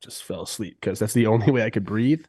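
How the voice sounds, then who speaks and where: A man's voice: lowish voice, quick pace, warm tone, breathy edge, dry recording, studio quality. A man co-hosting a podcast with a congested voice, talking in a laid-back, rambling way. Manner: laid-back, rambling, laughs mid-sentence. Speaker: podcast co-host and former player. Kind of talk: casual chat.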